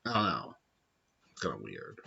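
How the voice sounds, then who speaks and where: A man hosting a casual gaming chat, animated and rambling, swearing freely. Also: a bass voice, normal speed, gravelly, crowd noise. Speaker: podcast host. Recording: dull lo-fi sound.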